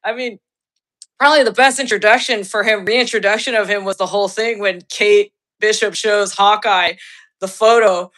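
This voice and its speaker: A woman hosting a podcast in casual chat, excitable, laughing often and restarting her sentences. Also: mid-range voice, normal speed. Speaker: podcast host.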